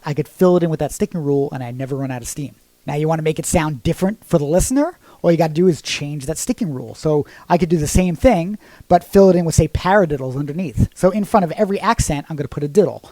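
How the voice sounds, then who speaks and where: A man teaching drums in casual instructional talk, explaining step by step and singing rhythms out loud. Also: a little high, fast, few pauses, no echo. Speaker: drum teacher.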